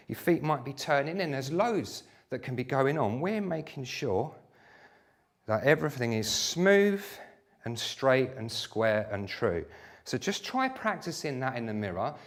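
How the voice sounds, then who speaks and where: Chatty sports therapist coaching knee exercises. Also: male voice, medium pitch. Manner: chatty, demonstrating on himself. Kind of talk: live exercise class instruction.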